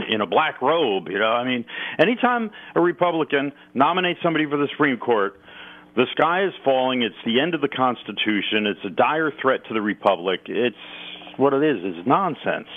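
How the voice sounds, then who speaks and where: Male radio guest on a phone line, lively and sarcastic, plenty of pitch swing. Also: normal speed. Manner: emphatic, sarcastic, mocks opponents. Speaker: political commentator, guest. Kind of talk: talk radio commentary.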